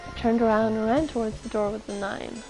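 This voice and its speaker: A woman's voice: fairly high pitch, flat delivery, fairly quick, over music, poor audio. Casual woman streamer reading game text. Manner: casual, swears and muses aloud.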